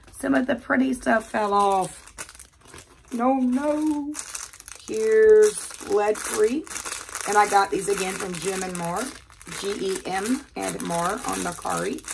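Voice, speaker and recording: Older woman, Southern accent, gravelly fry, chatty unboxing talk, faint background hiss, quiet bedroom. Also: mid-range voice. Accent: Southern American. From American South. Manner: chatty, fast-talking, repeats words. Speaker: jewelry unboxing vlogger. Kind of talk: casual chat while unboxing.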